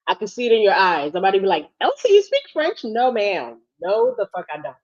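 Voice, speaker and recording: A woman from Ghana co-hosting a casual livestream chat, a little under the weather, chatty and quick to laugh. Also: mid-range voice, lively intonation. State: sick, struggling. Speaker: co-host. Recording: dull lo-fi sound.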